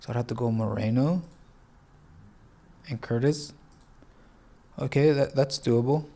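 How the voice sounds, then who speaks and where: Gravelly, congested man thinking aloud. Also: medium pitch, unhurried, warm tone. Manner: thinking aloud, hesitant, self-correcting. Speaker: fantasy sports tutorial host. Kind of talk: casual screen-share tutorial.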